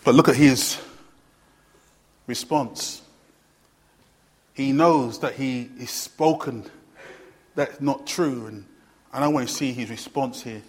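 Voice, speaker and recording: A man preaching a sermon earnestly, repeating phrases for emphasis and swinging between loud and hushed delivery. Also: medium pitch, fairly even intonation, takes it slowly, pauses often. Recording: long hall reverb.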